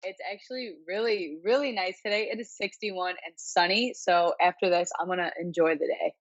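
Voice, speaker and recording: A woman's voice: fairly low pitch, fairly even intonation, normal speed, no echo, muffled recording. A woman in her twenties with a Chicago-area accent, a guest on a podcast, telling her story in a chatty way with lots of fillers. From Illinois, near Chicago. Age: 20s. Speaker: interview guest, bodybuilder. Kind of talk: casual interview chat.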